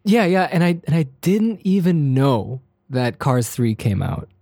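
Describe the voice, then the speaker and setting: A man's voice: fairly high pitch, very animated, a little slow, mellow, no echo, clean studio sound. A man co-hosting a casual podcast chat, playful and laughing often, often trailing off and restarting. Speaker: podcast co-host.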